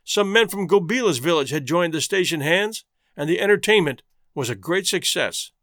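Expressive male story narrator. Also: a little high, moderate pace, no echo, studio quality.

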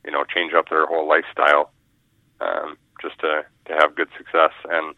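A man's voice: extremely low pitch, monotone, moderate pace, no room sound. A man, a fishing guide talking casually in a radio interview, rambling and repeating his words. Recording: muffled phone line.

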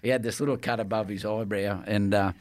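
A man's voice: on the low side, steady tone, a little fast. A middle-aged man with an Australian accent, a guest telling rambling stories in casual chat, often laughing and restarting. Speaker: guest, former player.

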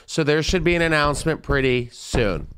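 A man's voice: fairly high pitch, animated, moderate pace, a bit bright, clear, resonant tone, no room sound, clean studio sound, voice pushed up. A man doing a brash British pop star woman. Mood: gushing.

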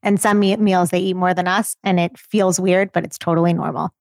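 A woman's voice: fairly low pitch, steady tone, a little fast, a little mellow, no echo. A woman co-hosting a parenting podcast, giving direct, practical, reassuring feeding advice on a close mic. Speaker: podcast co-host, feeding expert.

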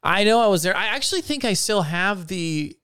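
A man's voice: high voice, animated, a little fast, sharp tone, clean tone, dry recording. A man co-hosting a podcast in casual banter, teasing his partner with dry sarcasm. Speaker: podcast co-host.

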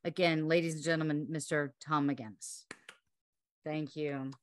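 A woman's voice: low-pitched, fairly even intonation, measured pace. A woman co-hosting an interview podcast, effusive and grateful, laughing often as she chats with the guest. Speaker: podcast co-host. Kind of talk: casual interview chat.

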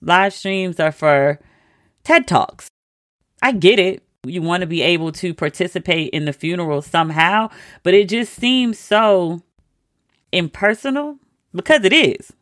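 Host riffing solo, wry and incredulous, bright edgy voice, dead dry sound. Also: mid-range voice, a little slow, no room sound. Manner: wry, animated, incredulous asides. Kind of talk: casual storytelling monologue.

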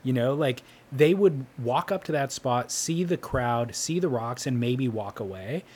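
Husky-voiced man arguing the other side. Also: mid-range voice, lively intonation, unhurried, darkish tone. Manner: contrarian, argues his point at length. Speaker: podcast co-host. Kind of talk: casual chat.

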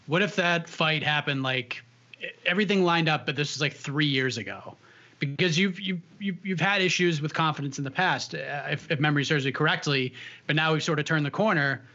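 A man's voice: fairly high pitch, brisk, bright, forceful tone. A man interviewing a fighter, recapping events in a chatty way before asking long questions. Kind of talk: casual interview. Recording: dull lo-fi sound.

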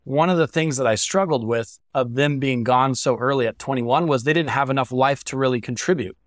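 This young podcast guest shares a painful story openly and from the heart, speaking briskly and earnestly, and sometimes his emotion shows. He talks at an everyday pitch, captured in a dry, close recording free of any room ambience.

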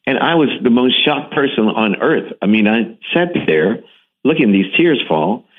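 A man's voice: medium pitch, animated, measured pace. A man being interviewed who tells his stories with enthusiasm and emphasis and often restarts his sentences. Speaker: interview guest, TV series host. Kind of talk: animated storytelling in an interview. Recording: phone-like narrow radio line.

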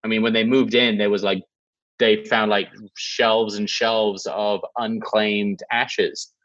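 A man's voice: fairly low pitch, flat delivery, takes it slowly, fairly bright tone, highs cut off. A man chatting as a podcast guest, telling stories in a loose, rambling way. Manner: rambling, loose storytelling with many fillers. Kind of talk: casual chat.

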